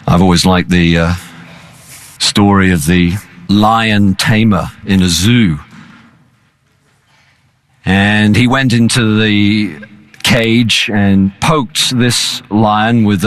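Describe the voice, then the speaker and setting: Slow, earnest male preacher. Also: lowish voice, dry recording. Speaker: pastor. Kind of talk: sermon.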